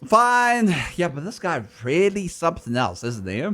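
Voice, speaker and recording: Giggly, high-pitched man streaming a game. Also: very animated, measured pace, a bit bright. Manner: giggly, rambling, mock-teasing. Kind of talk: casual gameplay commentary.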